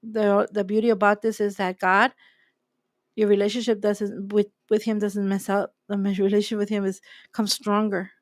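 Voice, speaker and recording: A woman's voice: medium pitch, little pitch movement, normal speed, dry recording, clean studio sound. A woman hosting a faith talk, preaching in an emphatic way and repeating her key phrases. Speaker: host.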